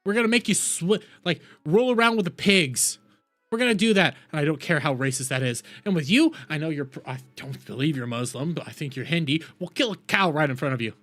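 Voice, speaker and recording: Furious ranting man, high-pitched voice. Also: animated, fairly quick, faint music behind. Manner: furious, profane, shouting and repeating himself. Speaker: live streamer. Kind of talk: angry live-stream rant.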